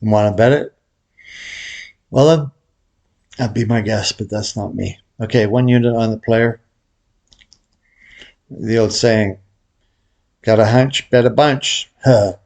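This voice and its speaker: A middle-aged man walks through a lesson in a loose, chatty way. His voice sits on the low side, and he drifts off topic, laughing at himself. Some words carry a faint whistle from a cracked tooth. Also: a little slow, vocal fry, long pauses, a little mellow. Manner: rambling, jokey, laughs at himself. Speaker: baccarat instructor. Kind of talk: casual tutorial commentary.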